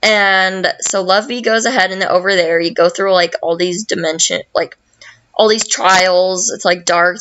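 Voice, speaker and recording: A woman podcast host retelling a video game in loose, rambling chat. Her pitch sits in the middle, and she fills her talk with "um", "like" and casual swearing. The recording sounds a bit dull and muffled. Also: a bit bright, clear, resonant tone. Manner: rambling, profane, full of "um" and "like".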